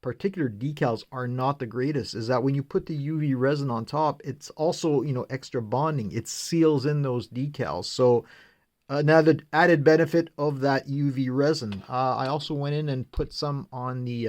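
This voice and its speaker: A man in the middle of his speaking range talks through his model kit build in a relaxed, conversational way. He explains each step without hurrying and fills his pauses with plenty of "uh"s. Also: medium pitch. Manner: unhurried, explains step by step, frequent "uh" fillers. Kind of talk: casual build walkthrough.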